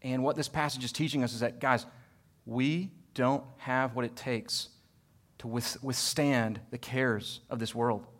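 A man preaching a sermon as pastor, with emphatic repeated phrases that build to loud peaks and then fall soft, mixed with homely family stories. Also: mid-range voice, steady tone, unhurried.

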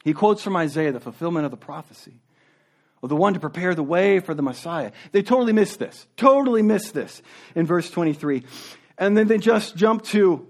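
A man's voice: high voice, expressive, moderate pace, darkish tone. A man preaching a sermon, reading scripture aloud and then explaining it in a conversational way, often restarting his words. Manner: acts out questioners' voices in the retelling. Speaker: pastor.

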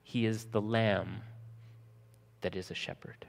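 A man preaching a sermon, slowing for emphasis and acting out scenes from the text in lively voices. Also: fairly low pitch, creaky, in a large hall. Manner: lively storytelling, acting out disciples' panic in a raised voice. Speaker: pastor.

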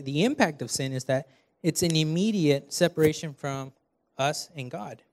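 A young man delivering a sermon in a church, earnest and conversational, speaking directly to his audience. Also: fairly high pitch. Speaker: preaching student. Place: church hall.

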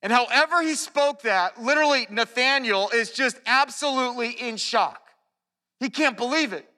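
A man preaching a sermon, earnest and animated, often restarting his phrases. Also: very high-pitched, normal speed. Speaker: pastor. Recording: long hall reverb.

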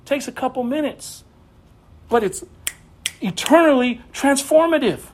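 A young man preaching a sermon, animated, with bursts of raised voice. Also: very high voice, measured pace, slight background noise. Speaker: pastor.

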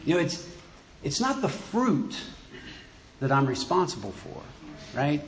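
A man preaching a sermon in church, halting and repeating words as he goes. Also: on the high side, sing-song, a little hiss or hum. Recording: echoey room.

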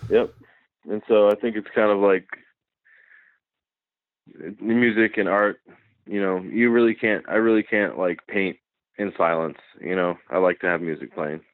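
An easygoing man with a lowish voice, talking as a guest artist over a phone call. He chats casually and keeps saying "man" and "dude". His voice comes through a thin, tinny phone line. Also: fairly even intonation, unhurried, pauses often, dry recording. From Massachusetts. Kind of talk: casual interview chat.

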